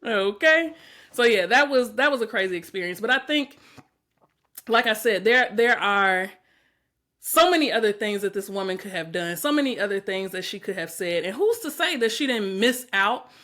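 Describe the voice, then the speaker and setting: A woman hosting a podcast, telling a dating story in casual, profane, animated chat and laughing often. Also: mid-range voice, normal speed. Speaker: podcast host.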